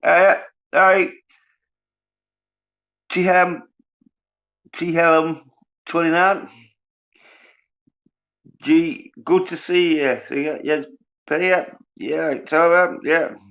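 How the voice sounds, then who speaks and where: A man's voice: a little high, fairly even intonation, extremely slow, gravelly, long pauses, fairly bright tone. A man, ranting scornfully and profanely on a casual livestream while reading viewers' comments. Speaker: livestream host. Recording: dull lo-fi sound.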